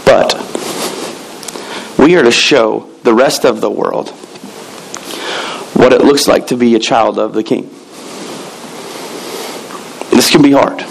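A man's voice: medium pitch, slow pace, gravelly, long pauses, slight background noise, low-quality recording. A middle-aged man preaching a sermon, telling a personal story with emphatic repetitions. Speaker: pastor.

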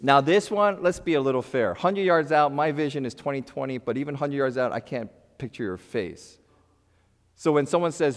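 Lively man preaching in a reverberant hall. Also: mid-range voice, normal speed. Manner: animated, conversational preaching with big swings in loudness and playful asides. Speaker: pastor. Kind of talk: sermon.

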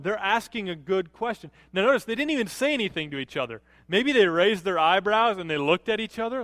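A man preaching a sermon as a pastor, animated, rising to emphatic peaks and dropping low to quote. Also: a little fast, few pauses, dry recording, long reverb tail.

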